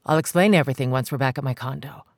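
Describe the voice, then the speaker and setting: A reader voicing a determined man who speaks calmly and firmly, refusing to back down. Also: racing, dry recording, clean studio sound, natural voice. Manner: calm, firm, low-key. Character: determined man, calm, insistent, devoted. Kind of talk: audiobook character voice.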